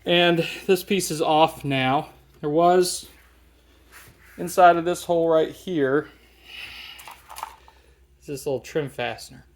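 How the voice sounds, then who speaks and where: A man's voice: fairly high pitch, slow, long pauses. A man talking casually while working on a car seat in his garage, thinking aloud with plenty of fillers. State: slightly out of breath at times. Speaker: DIY car restorer. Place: home garage.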